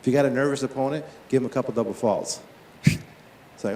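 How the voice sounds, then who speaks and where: A man's voice: medium pitch, a little hiss or hum. Echoey man coaching on a tennis court. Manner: lively, talks to players and coaches with quick questions. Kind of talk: live on-court coaching demonstration.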